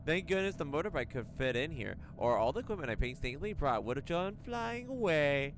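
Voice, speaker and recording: A man's voice: on the high side, a little fast, background noise. A young man streaming a game, reading its story aloud with stumbles and reacting with laughs. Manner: animated, stumbling reads, frequent laughs. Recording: voice over loud game music. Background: game music.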